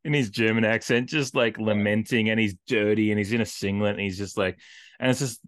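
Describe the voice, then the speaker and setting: A man co-hosting a casual film podcast, rambling and animated, full of filler words as he retells scenes. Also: lowish voice, a little fast, no room sound, studio quality. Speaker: podcast co-host.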